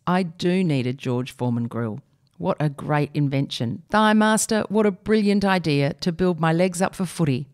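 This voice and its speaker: Wry woman reading a funny column, lowish voice. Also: darkish tone. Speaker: reader of a column. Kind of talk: reading a humorous column aloud.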